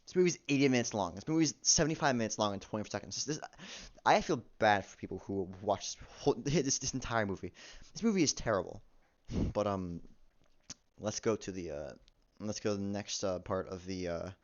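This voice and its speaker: A man with a low, smooth, resonant voice rambles through a foul-mouthed movie review, halting and restarting often. The recording is dull and lo-fi. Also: animated. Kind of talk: casual profane movie review rant.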